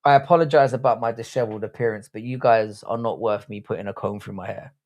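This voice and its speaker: A man's voice: on the low side, fast, a little mellow. Crude, rambling English man on a livestream. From England. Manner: blunt, crude, rambling banter with frequent restarts. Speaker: livestream host reading chat. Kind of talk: casual live-stream chat.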